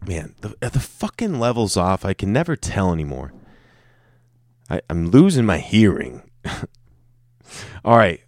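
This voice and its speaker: A man's voice: sits low, sing-song, takes it slowly, pauses often, darkish tone, no room sound, studio quality. A man talking alone in an offhand, joking way, swearing a lot and tripping over his words. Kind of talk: casual off-the-cuff monologue.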